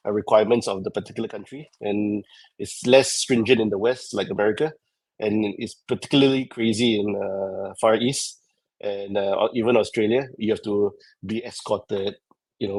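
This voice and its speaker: Low-voiced pilot, hesitant. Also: male voice, darkish tone, no echo, low-quality recording. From Singapore. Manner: hesitant, many fillers and restarts. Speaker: airline pilot guest. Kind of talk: casual interview answers.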